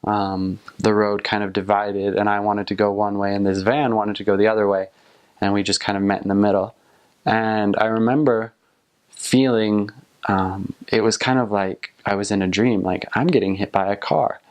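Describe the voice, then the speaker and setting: Earnest low-voiced young man. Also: flat delivery, moderate pace, clean tone. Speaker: returned missionary. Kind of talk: casual recollection and advice.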